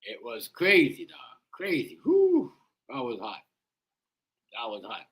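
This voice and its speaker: Fairly low-pitched, animated, bright, and forceful, a Jamaican-accented livestream host gives casual reactions at a measured pace. His talk is slangy and emphatic, and he keeps coming back to "you know what I mean".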